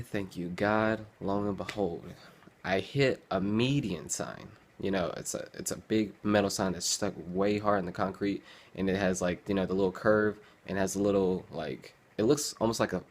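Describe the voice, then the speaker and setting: Young male vlogger, lowish voice, loose and rambling storyteller who acts out scenes. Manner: rambling, animated, acts out his past self with groans and sighs. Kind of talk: casual storytelling.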